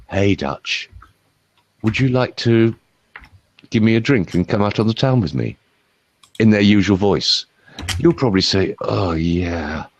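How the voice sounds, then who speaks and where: A middle-aged man, a voice coach, giving a playful, rambling demonstration and talking straight to one viewer. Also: deep voice. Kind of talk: lively demonstration talk.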